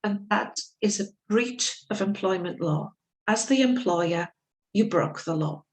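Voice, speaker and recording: Slow, deliberate woman lecturing. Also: mid-range voice, animated, low-quality recording. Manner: slow, deliberate storytelling, acting out quoted speakers. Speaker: legal English teacher. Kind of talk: lecture with case stories.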